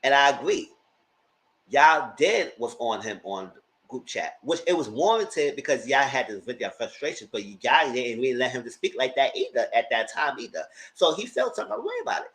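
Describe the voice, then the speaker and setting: A man giving a casual, animated recap of a reality show, slipping into mock voices as he retells scenes. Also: medium pitch, normal speed, rough recording.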